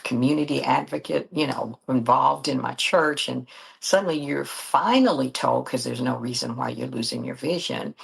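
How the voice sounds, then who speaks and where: A woman's voice: rumbling low, vocal fry, breathy edge, low-quality recording. A middle-aged woman, a guest telling her story in an earnest, faith-filled way. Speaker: guest, disability advocate and author. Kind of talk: candid interview talk.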